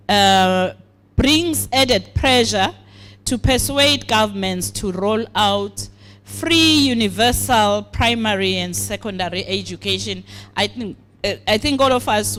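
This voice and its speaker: A woman with a Swazi accent giving a formal speech at a program launch, deliberate and pausing often. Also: a little high. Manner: deliberate, with frequent hesitations. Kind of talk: formal speech mixing English and siSwati.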